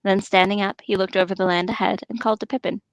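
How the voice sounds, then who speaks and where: A woman's voice: medium pitch, little pitch movement, fast, dry recording. A woman reading a novel aloud for a podcast, putting on voices for the characters and making chatty asides. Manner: reads dialogue in put-on hobbit voices, chatty asides. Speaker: podcast reader.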